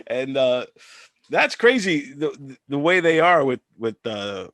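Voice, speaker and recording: A man hosting a casual chat, easygoing and quick to laugh. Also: medium pitch, very animated, a bit bright, no echo, clean studio sound. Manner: easygoing, laughs often, halting restarts. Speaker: host.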